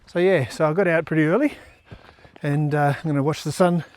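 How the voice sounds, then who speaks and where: In this casual outdoor vlog, an Australian man strolls a riverside trail and chats easygoingly, rambling with many fillers. He speaks briskly, his voice a little high and fairly even in intonation.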